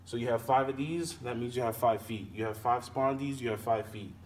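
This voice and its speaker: A man's voice: medium pitch, brisk. Man, lesson explainer, sounds out and repeats words; mic set back, faint hiss. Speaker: teacher. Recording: distant mic with faint background noise.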